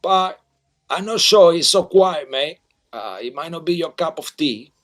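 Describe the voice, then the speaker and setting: A man voicing a huge, loud male half-giant who works as a carnival barker, brash and calling everyone mate. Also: fairly high pitch, lively intonation, unhurried, pitched above the performer's own voice.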